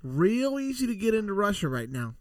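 A man's voice: high-pitched, very animated, brisk, no room sound, studio quality. A man co-hosting a podcast, bragging and scheming in casual, joking banter. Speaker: podcast co-host.

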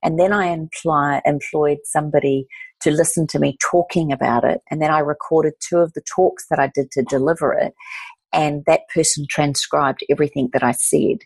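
Low, husky-voiced woman telling a story. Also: darkish tone, no echo. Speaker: author and guest. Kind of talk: casual conversational storytelling.

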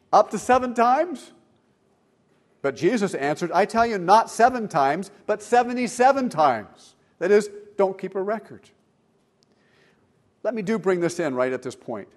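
A man preaching a sermon in church as pastor, animated, swinging between loud emphasis and quiet asides. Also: fairly high pitch.

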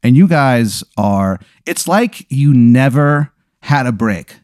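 A man of average pitch tells an improvised, rambling comic story. He speaks in a deadpan way and fills his sentences with "uh" and "like". The recording is dry and close. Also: slow, dry recording. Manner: rambling, deadpan, many fillers.

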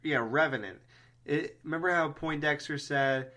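Bright-voiced man in casual chat. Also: medium pitch, normal speed. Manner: animated, swearing, laughing often. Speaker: podcast co-host.

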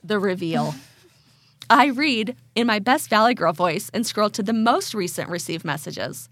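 A woman co-hosting a casual podcast, reading a story aloud with animated delivery and frequent laughter. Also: medium pitch, a little slow, no room sound. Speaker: podcast co-host.

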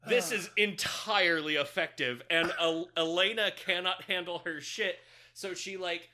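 A woman's voice: on the low side, moderate pace, pushed and bright. A woman co-hosting a podcast, recapping a film in casual, profane, joking chat and laughing often. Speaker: podcast co-host.

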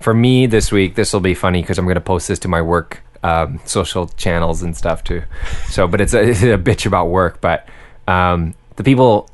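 Young male podcast host, low voice, jokey profane rant. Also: moderate pace. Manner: ranting, swears freely, jokey. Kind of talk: casual chat.

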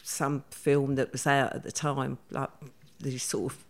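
A middle-aged woman, telling a past event in a vivid, hurried way and quoting others as she goes. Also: extremely low pitch, level tone, a crowd in the background. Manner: vivid, hurried retelling with many quoted voices. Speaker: interviewee. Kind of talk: conversational storytelling.

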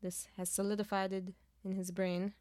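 A woman co-hosting a book podcast, summarizing the plot in casual chat, emphatic and quick to swear and laugh. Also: medium pitch, flat delivery, a little mellow, dry recording, clean studio sound.

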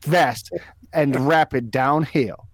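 A man's voice: fairly high pitch, slow pace, no room sound. A man playing an indignant, formal caller on a prank phone call who defends his dead aunt and keeps saying sir.

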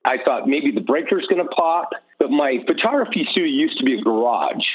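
A man telling his personal testimony as a guest, animated and self-mocking, acting out his own thoughts. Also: medium pitch, a little fast, husky. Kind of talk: personal storytelling. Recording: tinny phone line.

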